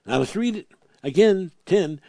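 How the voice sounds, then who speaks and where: A man preaching a sermon, emphatic, repeating words for stress, reading scripture slowly and swinging from loud proclamations to quiet asides. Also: sits high, animated, gravelly, dry recording, studio quality.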